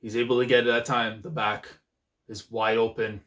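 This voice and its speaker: A young man in the middle of an anime reaction, talking at an ordinary pitch. His commentary is casual and excitable, he laughs often, and he keeps dropping in "man" and "bro" between thoughts. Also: normal speed.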